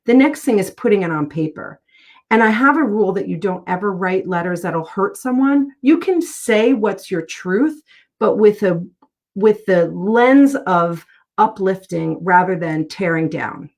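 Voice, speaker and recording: A woman's voice: mid-range voice, lively intonation, unhurried, darkish tone. A middle-aged woman, a guest author in a casual interview, talking in an earnest, heartfelt way as she tells personal stories.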